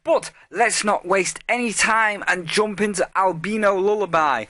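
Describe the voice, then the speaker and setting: Male game reviewer, slightly high, bright voice, sarcastic and playful. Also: unhurried, dry recording. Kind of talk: scripted video game review.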